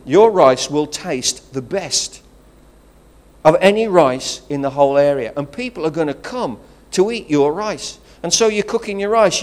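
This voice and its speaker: A man with a regional English accent, preaching a sermon as pastor, rousing and conversational, with calls of praise. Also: fairly high pitch. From England.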